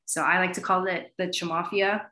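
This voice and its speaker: A woman talking as an academic guest in an animated interview, with plenty of fillers. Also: on the low side, normal speed. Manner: animated, many fillers like "you know". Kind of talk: conversational interview answer. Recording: roomy echo.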